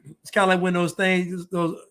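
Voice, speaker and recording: A man's voice: high voice, monotone, moderate pace, a bit bright. A man giving preachy reaction commentary, lecturing about men and women.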